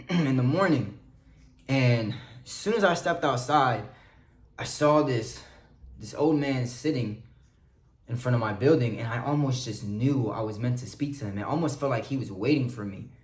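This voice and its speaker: A man giving an earnest spiritual pep talk, shifting between soft confiding passages and loud urging ones. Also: medium pitch, roomy sound. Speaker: motivational vlogger. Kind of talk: spiritual motivational monologue.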